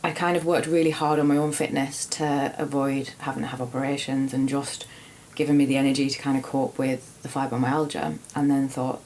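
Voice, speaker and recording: Young woman trainer, deep low voice, earnest and enthused, faint rumble behind. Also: little pitch movement, brisk, hardly any pauses, darkish tone. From northern England. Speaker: personal trainer, podcast co-host. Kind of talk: casual chat.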